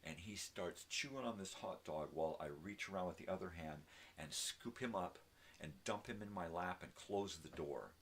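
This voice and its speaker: Slight background noise accompanies this older morning-show host, whose low, fairly bright voice moves at normal speed. Chatting to his dog as he goes, he meanders through a casual story, frequently ending lines with "right?".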